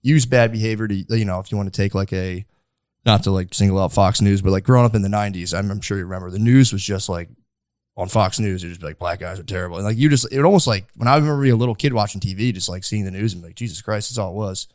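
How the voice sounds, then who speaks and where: Brief: young male podcast host, quick and rambling, low-ish voice, dry close mic. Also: a little mellow, no room sound. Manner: rambling, lots of filler likes. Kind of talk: casual chat.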